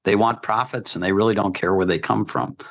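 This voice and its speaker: Man, podcast commentator, lowish voice, opinionated, emphatic, folksy sayings, slightly muffled audio. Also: fairly even intonation, a little fast, vocal fry. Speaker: healthcare commentator.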